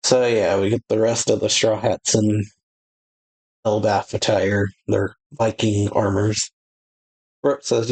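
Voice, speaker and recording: A man's voice: fairly low pitch, flat delivery, slow, a little mellow, poor audio. A man reading a manga chapter aloud in a casual way, reacting and narrating who says what. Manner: narrates dialogue with "says", light laughs and asides.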